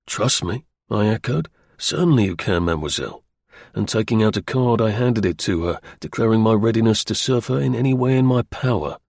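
A male audiobook narrator reading an old-fashioned tale in a measured, formal way. His mid-pitched voice is gravelly and a little husky. The recording is dry and close. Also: darkish tone, dry recording. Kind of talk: scripted narration of a period novel.

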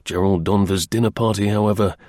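A man narrating an audiobook in a measured storytelling manner. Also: on the low side, fairly even intonation, darkish tone, dry recording, clean studio sound.

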